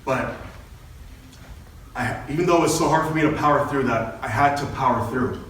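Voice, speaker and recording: A young man's mid-range, slightly bright voice comes at normal speed from far off in a very echoey meeting hall, with slight background noise. He earnestly tells a meeting his personal story, quoting himself and others.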